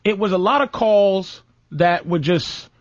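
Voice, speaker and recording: A man's voice: high-pitched, unhurried, no room sound, highs cut off. A man hosting a radio talk show, telling stories in a loose, comic way and acting out what other people said. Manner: animated storytelling with acted-out quotes.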